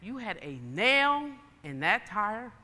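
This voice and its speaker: A woman preacher voicing a calm, matter-of-fact male mechanic, in a hall with long reverb. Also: medium pitch, takes it slowly, exaggerated voice.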